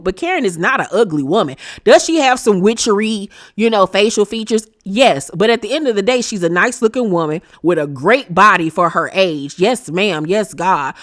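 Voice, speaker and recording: A woman hosting a casual reality TV recap, sassy and animated, talking straight to her viewers. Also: fairly high pitch.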